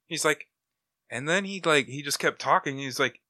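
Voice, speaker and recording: Bright, dry-voiced man retelling a comic. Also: on the high side, moderate pace, dry recording. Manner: animated retelling, acts out quotes, laughs often. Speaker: comic book podcast panelist. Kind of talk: casual review chat.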